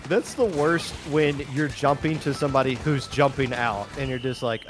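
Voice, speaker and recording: A man's voice: mid-range voice, animated, normal speed, hardly any pauses. A man casting a live tournament stream with easygoing, joking banter. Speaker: esports commentator.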